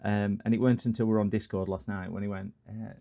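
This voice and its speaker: A man's voice: on the low side, fairly even intonation, fast talker, vocal fry, dark tone, lo-fi sound. A middle-aged man, chatting casually and joking with viewers as he hosts a repair livestream. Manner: jokey, rambling, answers chat comments.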